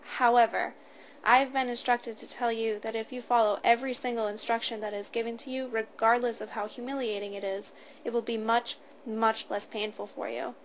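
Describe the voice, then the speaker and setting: A frightened young captive speaks in a stuttering, tearful voice, put on by a woman reading the story. The voice sits fairly high, and a faint hum of the room lies behind it. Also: steady tone, brisk, close to an everyday voice, poor audio. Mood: frightened, resigned.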